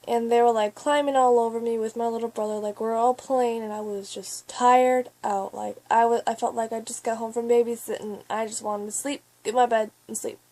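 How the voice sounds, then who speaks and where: A teenage girl telling a long, rambling story to camera in a chatty way. She often swears and then apologizes, and she keeps breaking off into quick asides. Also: on the high side, steady tone, mellow. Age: teens. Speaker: vlogger.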